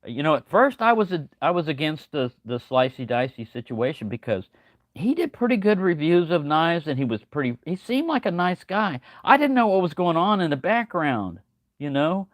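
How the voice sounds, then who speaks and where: A man's voice: fairly high pitch, big pitch swings, normal speed, dry recording. An older man rambling casually on a livestream, folksy and chatty, greeting viewers by name. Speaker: livestream host. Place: home, early morning.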